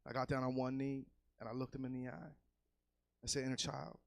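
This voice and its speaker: Male stand-up comic, casual and profane, average pitch, dry close sound, loud yelled punchlines. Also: level tone, brisk, vocal fry, no room sound. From California. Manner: loose, profane, swings into loud yelled bits. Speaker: stand-up comedian. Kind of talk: stand-up set. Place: comedy club stage.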